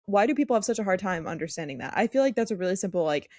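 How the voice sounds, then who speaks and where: A young woman co-hosting a podcast, talking with emphatic, heated energy at a mid pitch. The sound is dry and close with no room around it. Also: expressive, very fast, darkish tone, no echo. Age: young adult. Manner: emphatic, fired-up ranting. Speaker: podcast co-host. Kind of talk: casual podcast chat.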